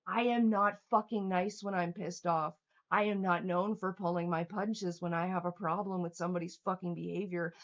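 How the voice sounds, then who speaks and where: With a fairly low, fairly even voice at normal speed, a young woman angrily rants at her livestream chat as she reads it, swearing and sarcastic. The stream audio sounds dull and lo-fi.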